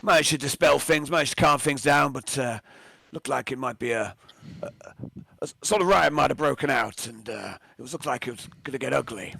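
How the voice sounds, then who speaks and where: A man's voice: medium pitch, brisk, vocal fry, fairly bright tone, breathy edge, dry recording, voice pushed up. A man doing a nervous, stammering soldier sergeant. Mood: defensive. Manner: apologetic, stammering. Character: nervous male soldier sergeant under trial.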